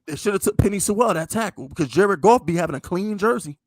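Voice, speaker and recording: A man's voice: sits high, lively intonation, fast talker, dry recording. A man co-hosting a sports podcast in casual chat, blunt, profane and opinionated. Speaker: podcast co-host.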